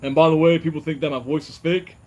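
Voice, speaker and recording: A man's voice: a little high, little pitch movement, fast, dark tone, muffled recording. A young man, host of a fishing channel, talking casually in a personal vlog, rambling and repeating "you know" as he talks.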